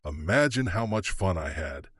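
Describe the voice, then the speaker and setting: A man reading the part of a middle-aged male detective in an audiobook, calm and caring with a self-mocking edge. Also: low voice, normal speed, husky, dry recording, pitched below the performer's own voice, exaggerated voice. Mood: rueful.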